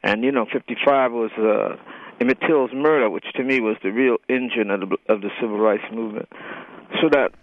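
A man's voice: medium pitch, brisk. An older man, a writer and guest, talking in a radio interview with many fillers and restarts. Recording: tinny phone line.

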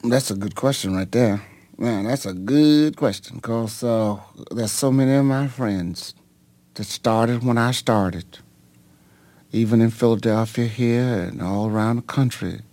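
A middle-aged man, a pastor, telling his life story in an interview in a dramatic, halting way, with many ums and sudden leaps in pitch. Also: darkish tone, dry recording. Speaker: pastor and singer, interview guest.

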